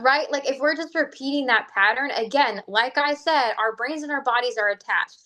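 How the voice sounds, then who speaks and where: A fitness coach chats on a casual livestream in a high, sharp-toned voice at normal speed with few pauses. She's chatty, peppering her talk with "like" and "right?", and acts out inner voices while explaining things.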